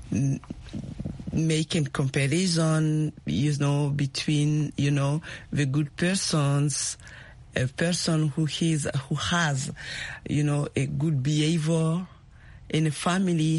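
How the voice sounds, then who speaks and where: A woman co-hosting a teaching chat, speaking hesitantly and searching for her words. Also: low voice. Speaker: co-host from another program.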